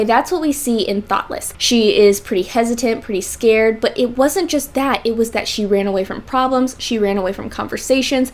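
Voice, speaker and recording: A woman casually reviewing a romance novel, talking emphatically, repeating her points and dropping slangy asides. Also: fairly high pitch. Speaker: book reviewer. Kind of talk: casual book review chat.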